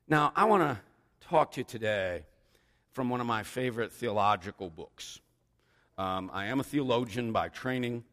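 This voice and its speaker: Brief: chatty male pastor preaching a sermon, animated intonation, long reverb in a church. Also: lowish voice. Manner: rambling with joking asides.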